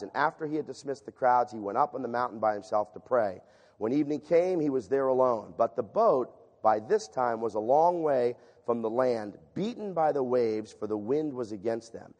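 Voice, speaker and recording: A man preaching a sermon and reading scripture aloud, shifting from loud emphatic passages to hushed reading. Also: mid-range voice. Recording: long reverb of a large hall.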